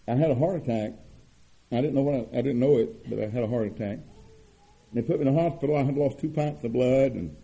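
An older man preaching a sermon, with an earnest cadence, emphatic repetitions and drawn-out stresses. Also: mid-range voice, warm tone, breathy edge, muffled recording. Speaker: pastor.

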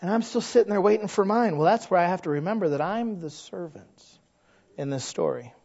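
A male pastor preaching a sermon, animated and folksy, asking rhetorical questions and joking at his own expense. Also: high-pitched, a little fast, gravelly, breathy edge, dull audio. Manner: animated, frequent rhetorical questions and self-deprecating humor.

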